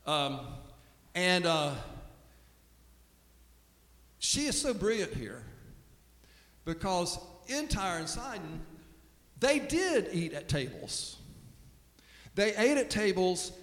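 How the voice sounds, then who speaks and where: A man preaching a sermon in a relaxed, storytelling way, often restarting his sentences, recorded in a church sanctuary. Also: high voice. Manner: conversational storytelling, with frequent restarts. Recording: echoey hall with long reverb.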